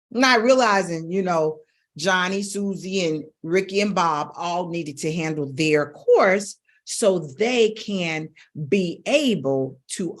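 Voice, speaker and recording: A middle-aged woman coaching her viewers on their voices. She talks in a lowish register, emphatic and coaxing, and leans on repeated phrases to drive a point home. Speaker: vocal coach. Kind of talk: instructional talk to camera.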